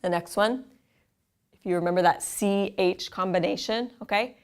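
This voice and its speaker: A woman teaching a language lesson, saying each word slowly and then repeating it for learners. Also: medium pitch, clean tone. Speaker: Italian teacher.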